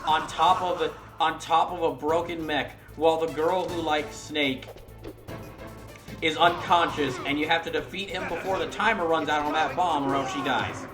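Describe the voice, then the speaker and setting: British guy chatting over a game stream, keeps restarting sentences, kinda high voice, echoey room. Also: steady tone, moderate pace, over music. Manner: rambling, self-correcting, chatty. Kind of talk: casual gameplay commentary.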